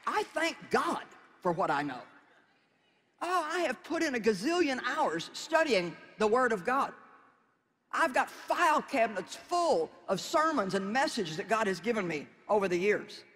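A man's voice: extremely high pitch, big pitch swings, normal speed, fairly bright tone, big-room sound, a faint crowd. A man preaching a sermon in a folksy, conversational way, with emphatic exhortations.

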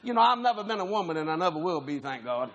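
A male pastor telling a humorous story in a sermon, animated and laughing often as he acts out voices. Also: on the high side, quick pace, muffled recording. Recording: noisy live recording.

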